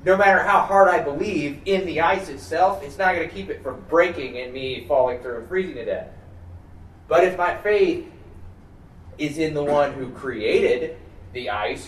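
Man leading a Bible study in a roomy hall. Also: on the high side. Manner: thinks aloud with many fillers and restarts. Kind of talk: conversational teaching. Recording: roomy, distant mic, faint background noise.

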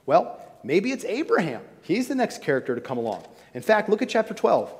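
A man delivering a sermon, building to emphatic high points and then dropping quiet and low. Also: very animated, brisk. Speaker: preacher. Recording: long reverb of a large hall.

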